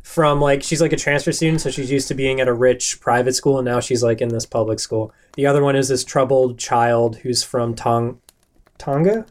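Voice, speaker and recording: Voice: medium pitch, fairly even intonation, moderate pace. A podcast host with a mid-range voice chats in a rambling, enthusiastic way. Sentences often restart as the ideas pile up. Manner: chatty, rambling with fillers and restarts. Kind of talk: casual podcast chat.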